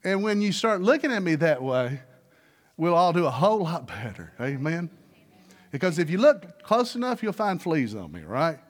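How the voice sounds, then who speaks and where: High-voiced pastor preaching folksy. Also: male voice, very animated, moderate pace. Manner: folksy storytelling with rhetorical questions to the congregation. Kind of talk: sermon. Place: church sanctuary.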